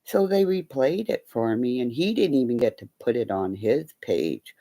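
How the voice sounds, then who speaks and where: Gravelly, animated woman telling rambling stories. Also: a bass voice, moderate pace. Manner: profane, animated, acts out quoted voices. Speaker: live streamer. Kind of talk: rambling casual storytelling.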